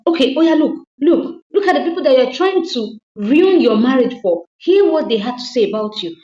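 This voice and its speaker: A woman's voice: on the high side, normal speed, natural voice. A woman voicing an angry, wronged husband who scolds his wife with repeated indignant questions. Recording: roomy, dull lo-fi sound.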